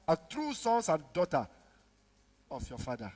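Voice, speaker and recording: A pastor preaching a sermon, acting out dialogue with sudden shouts and low mutters. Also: male voice, measured pace. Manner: animated preaching, acts out dialogue, big swings from shouts to mutters. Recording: reverberant hall with music behind.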